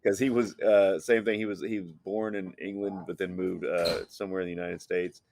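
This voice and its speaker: A man co-hosting a podcast, chatting in quick bursts that trail off into fillers. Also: low-pitched, fairly even intonation, vocal fry, darkish tone, a little hiss or hum. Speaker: podcast co-host. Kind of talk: casual chat.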